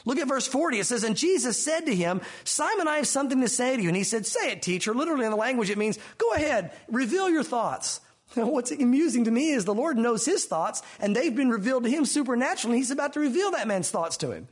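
A man's voice: very high voice, animated, quick pace. A middle-aged man preaching a sermon in an earnest, emphatic way, lifting his voice when he quotes scripture. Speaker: pastor.

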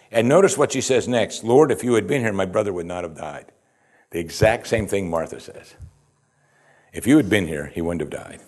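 Reading scripture aloud, a low-pitched man with a slightly mellow voice works through it verse by verse in a sermon. He unpacks each passage with rhetorical questions, often saying "you see."

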